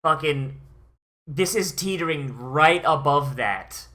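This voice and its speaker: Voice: medium pitch, animated, slow pace, pushed and bright. An anime reviewer ranting through a watch-along, swearing often and sighing in exasperation.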